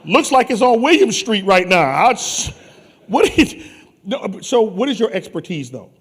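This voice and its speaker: A man's voice: high-pitched, husky. A man from New Orleans hosting a conference on stage, bantering and teasing people in playful, joking chatter. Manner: teasing, animated, quick jokes. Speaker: conference host.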